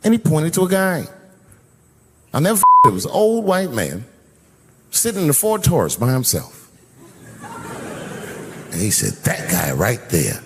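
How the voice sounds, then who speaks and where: A middle-aged man telling a profane, animated story as a stand-up comedian. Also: fairly high pitch, normal speed, pauses often, noisy background. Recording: live venue with long reverb.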